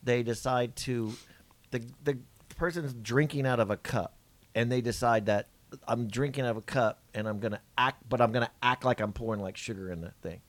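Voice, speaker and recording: A man co-hosting a comedy podcast, rambling and restarting as he chats. He has a mid-pitched voice, and the sound is close and dry. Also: dry recording. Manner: rambling, restarts a lot, quick laughs. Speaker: podcast co-host. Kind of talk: casual chat.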